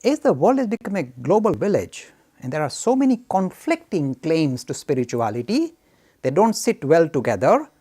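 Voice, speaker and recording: A man giving an emphatic, animated lecture that answers audience questions and is full of anecdotes. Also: a little high, normal speed, husky. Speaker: speaker on Hinduism.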